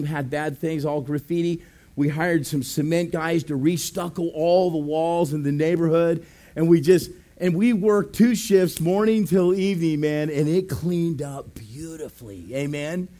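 Preaching from the pulpit, a man with a fairly high, dark-toned voice brings a story to life in his sermon. He performs different voices, breaks into laughter, and shouts "amen" along the way.

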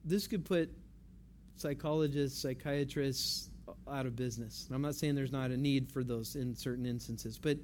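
A man's voice: medium pitch, moderate pace, a little mellow, a little hiss or hum. A man preaching a sermon, talking to the congregation in an easygoing way and repeating key phrases for emphasis. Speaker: pastor.

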